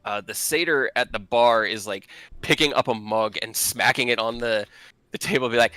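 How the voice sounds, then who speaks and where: Male game master, casual narration, very bright voice, faint music behind. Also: mid-range voice, moderate pace, smooth, no echo. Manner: casual, lots of fillers.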